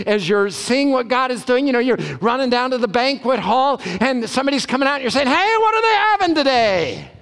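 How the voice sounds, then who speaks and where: Animated high-voiced male preacher. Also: clean tone. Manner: animated, emphatic preaching with sudden loud bursts. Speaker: pastor. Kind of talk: sermon.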